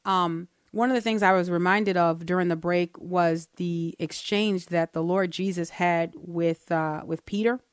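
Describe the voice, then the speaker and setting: A woman co-hosting a Christian talk show, earnestly teaching from the Bible and slowing down to read verses aloud. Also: on the low side, fairly even intonation, clean tone, dry recording, clean studio sound. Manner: earnest, explains step by step, slows down to read verses.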